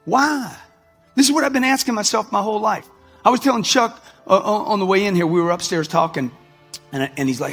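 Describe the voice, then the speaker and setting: High-pitched and husky with vocal fry, this man in his 60s speaks at a moderate pace with lively intonation and a fairly bright tone. He's a motivational speaker working a live crowd in a large hall, brash and preachy, addressing people directly in slang over echo and background music.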